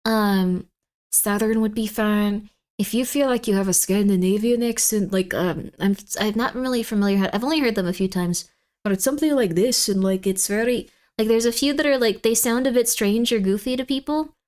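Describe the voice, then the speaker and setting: A woman's voice: medium pitch, normal speed, a little mellow. A woman streamer chatting casually on a livestream, rambling and playfully emphatic.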